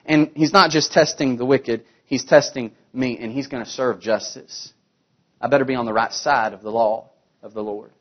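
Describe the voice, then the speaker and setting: A man preaching a sermon, asking rhetorical questions and swinging between emphatic, louder passages and hushed, quiet ones. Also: mid-range voice, fairly even intonation, moderate pace, muffled recording.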